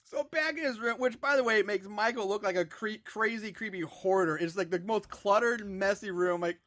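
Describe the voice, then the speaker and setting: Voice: mid-range voice, moderate pace, a bit bright, no room sound, studio quality. A podcast host recapping a movie's plot with sarcastic asides and frequent laughter. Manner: storytelling, sarcastic, laughs often. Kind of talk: casual movie recap narration.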